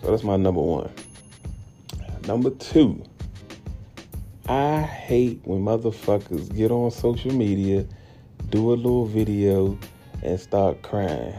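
A young man, hosting a podcast and ranting bluntly and profanely, often jumping into high incredulous tones. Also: slow pace, pauses often, dark tone, faint music behind. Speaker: podcast host. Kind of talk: casual podcast rant.

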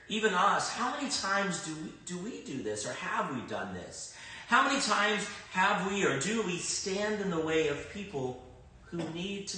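A man preaching a sermon in a conversational way, swinging between loud emphatic bursts and quiet reflective stretches. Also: sits high, far from the mic. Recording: very echoey room, speaker off-mic.

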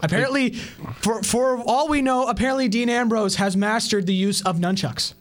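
A man's voice: high-pitched, moderate pace. A man co-hosting a podcast, chatting casually and wryly about a wrestling show, often stammering and restarting. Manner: stammers and restarts, wry and joking. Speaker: podcast co-host.

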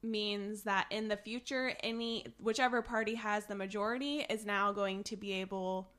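A woman's voice: mid-range voice, fairly even intonation, moderate pace, fairly bright tone. A young woman co-hosting a casual political chat podcast, talking in a chatty way with many fillers and restarts.

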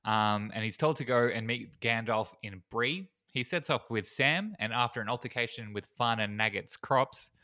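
A man's voice: mid-range voice, moderate pace, few pauses, pushed and bright. A man co-hosting a podcast in casual chat, joking and laughing often. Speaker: podcast co-host.

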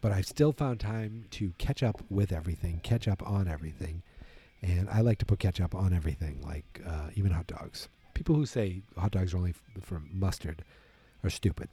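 A man's voice: sits low, moderate pace, warm tone, breathy edge. A tired man hosting his own wrestling talk show, rambling casually with many fillers and restarts. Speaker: wrestling podcast host. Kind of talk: casual solo commentary.

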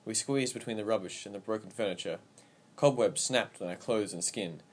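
A man narrating a story aloud in a steady, even storytelling manner. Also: fairly low pitch, a little fast. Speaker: audiobook narrator. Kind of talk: scripted narration.

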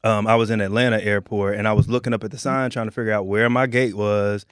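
A man co-hosting a casual chat, joking and telling a quick story of his own. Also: fairly low pitch, fairly even intonation, clean tone, dry recording, studio quality.

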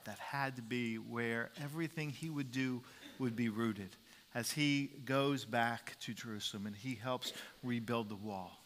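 A man's voice: medium pitch, fairly bright tone, long reverb tail, slight background noise. A male pastor preaching a sermon, emphatic, repeating key phrases for weight.

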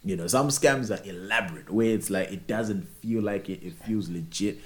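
A young man, chatting casually and telling animated stories with frequent laughs and restarts. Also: lowish voice, normal speed. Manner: animated storyteller, laughs often, many restarts. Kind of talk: casual chat.

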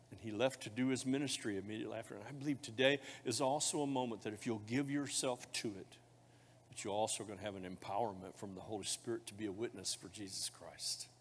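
A male pastor preaching a sermon, moving between loud fervent declarations and quiet, intimate speech, with a folksy, joking touch. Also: medium pitch, slight background noise. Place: church sanctuary. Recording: long hall reverb of a church.

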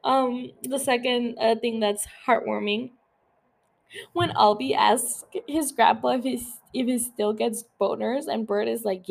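A woman's voice: fairly high pitch, fairly even intonation, unhurried, creaky. A woman hosting a podcast, chatting casually about a TV episode with lots of fillers and free swearing. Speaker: podcast host. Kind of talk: casual TV recap chat.

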